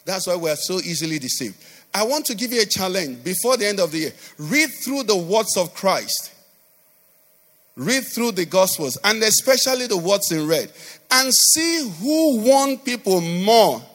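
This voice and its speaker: A man's voice: high-pitched, animated, normal speed, fairly bright tone. A male pastor preaching a sermon, with sing-song emphasis and constant call-and-response questions to the congregation. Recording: reverberant church hall.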